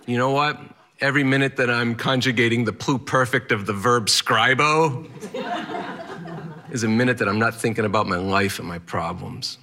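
A man's voice: medium pitch, bright, forceful tone. A man telling a personal story in the first person, candid, plainspoken and wry.

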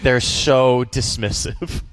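A man's voice: mid-range voice, slow, smooth, no echo. Joking man with a faint Boston accent. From Boston area. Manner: animated, jokey storytelling. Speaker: comedian guest. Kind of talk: casual interview chat.

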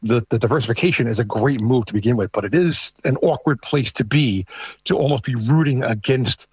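A middle-aged man with a thick New York accent and a husky, slightly rough voice. He talks conversationally, often restarting his sentences. The recording is dry and close. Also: medium pitch, a little fast, no echo, muffled recording. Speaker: guest, American living in Canada. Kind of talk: casual discussion.

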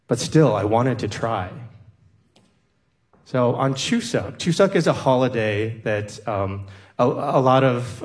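A man from the American Midwest telling a personal story on stage in an earnest, reflective way with touches of wry humor. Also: medium pitch.

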